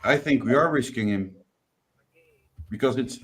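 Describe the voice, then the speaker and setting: A man co-hosting a casual football livestream, giving his opinions in a measured way. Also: medium pitch, a bit bright. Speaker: livestream co-host.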